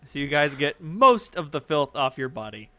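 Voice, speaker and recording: A man's voice: a little high, sing-song, moderate pace, pushed and bright. A young man narrating a tabletop game as game master, in a casual, rambling way with many fillers.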